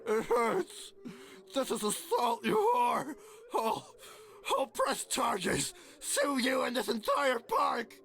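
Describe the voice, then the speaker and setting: Lady putting on a slow wailing hurt guy, high and all over the place, total coward. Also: big pitch swings, creaky, heavily acted. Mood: whiny. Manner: shrill wailing shouts. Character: panicked injured man, whiny and cowardly.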